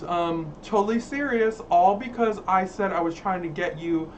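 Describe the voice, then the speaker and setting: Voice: mid-range voice, moderate pace. A host riffs on viewer comments in a sassy, theatrical, campy way. The voice sits in a middle register. It is caught from a little distance, with a faint hum of background noise. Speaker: livestream host reading viewer chat. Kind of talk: casual livestream chat.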